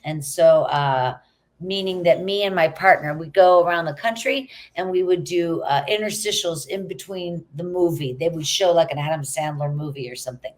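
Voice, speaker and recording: A middle-aged actress chatting as a guest in an interview, telling stories in an animated way. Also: female voice, on the low side, brisk, few pauses. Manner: chatty, animated storytelling with quoted asides. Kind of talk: casual interview chat.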